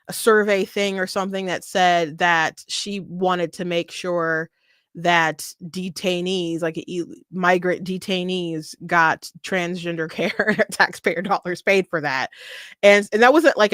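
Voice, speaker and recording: A woman's voice: fairly low pitch, fairly even intonation, a little slow, fairly bright tone, no room sound, studio quality. A woman hosting a casual political commentary monologue, opinionated, laughing often and restarting her sentences, with slight hiccups.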